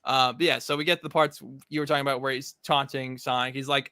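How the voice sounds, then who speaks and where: A man's voice: mid-range voice, little pitch movement, quick pace, hardly any pauses, bright, forceful tone, clean tone, no echo, studio quality. A man co-hosting a casual comic discussion, recapping the story in a laid-back way with casual swearing. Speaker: podcast co-host.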